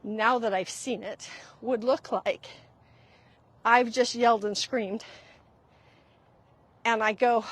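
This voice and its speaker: A middle-aged woman with a slightly high voice talks through her own experiences as a podcast host. She is earnest and confessional, and she repeats her key points so they land. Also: fairly even intonation, slow, long pauses. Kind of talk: reflective solo talk.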